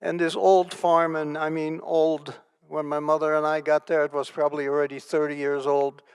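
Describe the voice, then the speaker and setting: A man's voice: on the high side, monotone, fairly quick, clean tone. An older man, a survivor, telling his personal story as keynote speaker in an onstage interview, earnest and vivid, repeating phrases for emphasis.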